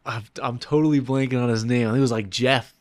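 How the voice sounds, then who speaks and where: A man telling a story in casual podcast chat, animated, often acting out what he said. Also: medium pitch, quick pace, dry recording, clean studio sound. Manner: animated storytelling, acts out his own quotes. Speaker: ultramarathon runner recounting his race.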